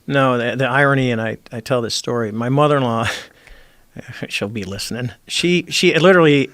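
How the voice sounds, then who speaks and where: A middle-aged man, a former Navy squadron commander, telling a story as a podcast guest in an animated, chatty way. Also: mid-range voice, moderate pace, no room sound. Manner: animated, repeats words, acts out others' lines. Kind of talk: casual storytelling in conversation. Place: podcast studio.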